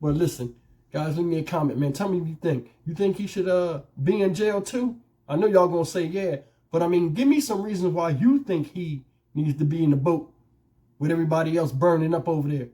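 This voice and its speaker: A man hosting a casual commentary video to camera, heated and emphatic, repeating his points as his voice gets hoarse, recorded on a lapel mic. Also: a little high, brisk, warm tone. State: losing his voice. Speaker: YouTube commentary host. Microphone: wireless lapel mic.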